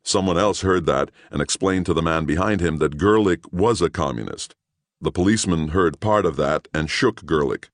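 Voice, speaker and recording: Deep-voiced male audiobook narrator. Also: normal speed, no echo, studio quality. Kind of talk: scripted narration.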